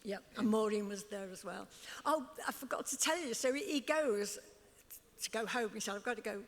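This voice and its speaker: A woman's voice: mid-range voice, a little fast. An older woman with a Liverpool accent, telling stories as an interview guest on stage and often laughing as she acts out what others said. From Liverpool, England. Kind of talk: storytelling on stage. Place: club stage before an audience. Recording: long hall reverb.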